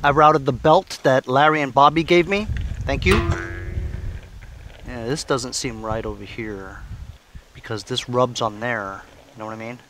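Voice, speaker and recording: Guy in his garage rambling about fixing up an old tractor, lots of uh and you know, mid-pitched ordinary voice. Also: measured pace, long pauses, background noise. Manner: chatty, thinks aloud, many fillers and restarts. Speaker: channel host. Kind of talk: casual workshop vlog talk. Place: garage workshop.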